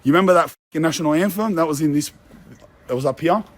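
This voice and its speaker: With music playing in the background, a young Australian social media personality talks fast in a fairly high voice. It's a casual walking vlog shot outdoors among apartment blocks, and his manner is brash and boastful, laced with street slang.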